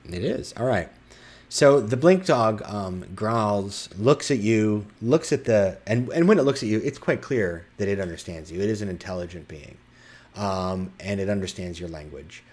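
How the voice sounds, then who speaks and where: A man narrating as game master in a tabletop game, describing scenes in animated bursts with a husky voice. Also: on the low side, normal speed.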